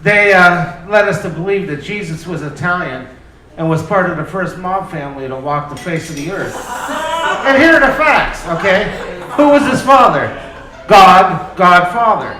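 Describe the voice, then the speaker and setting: A man's voice: high voice, lively intonation, normal speed, pushed and bright. A man performing a loose, profane, self-deprecating stand-up comedy set on a club stage. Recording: echoey club with crowd laughter. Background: audience laughter.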